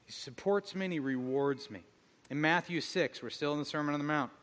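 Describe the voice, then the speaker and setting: A middle-aged man preaching a sermon as pastor, telling stories with animated, self-mocking humor. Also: fairly high pitch, fairly quick. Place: church hall. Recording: long hall reverb.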